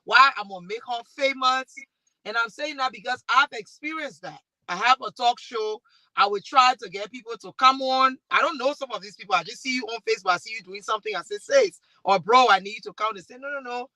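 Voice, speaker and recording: A woman from Liberia with a Liberian accent, speaking as a panelist and talk show host who tells animated stories and acts out the dialogue. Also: on the high side, brisk, no room sound. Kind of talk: panel discussion.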